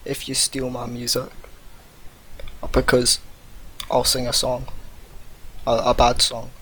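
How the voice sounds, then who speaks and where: A man's voice: mid-range voice, monotone, slow, fairly bright tone, slightly rough, rough recording. A Scottish man with an East Lothian accent chatting casually with friends, joking and teasing. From Scotland. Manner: jokey, teasing, bursts into silly sung bits. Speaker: friend in group voice chat. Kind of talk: casual chat.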